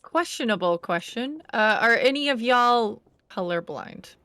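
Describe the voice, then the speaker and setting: A woman's voice: a little high, animated, measured pace, pushed and bright, dry recording. A friendly woman playing a game with friends over voice chat. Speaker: stream guest player. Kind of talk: casual gaming chat. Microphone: headset mic over voice chat.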